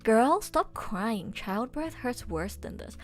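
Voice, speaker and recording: A woman voicing a blunt, harsh female dental assistant who scolds in a slow, dismissive way. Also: fairly high pitch, animated, soft background music. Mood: scolding. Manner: scolding, dismissive, drawn-out delivery.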